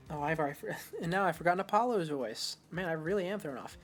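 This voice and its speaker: A woman's voice: on the low side, expressive, fast talker, few pauses. A woman streamer giving chatty, self-mocking commentary while playing a game. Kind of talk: let's-play commentary. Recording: faint game music behind.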